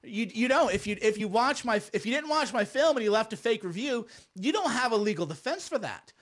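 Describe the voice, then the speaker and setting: A man's voice: very high-pitched, lively intonation, a little fast, a bit bright. A middle-aged man, a lawyer and filmmaker, speaking in a casual, combative monologue, repeating words and tagging lines with "right?".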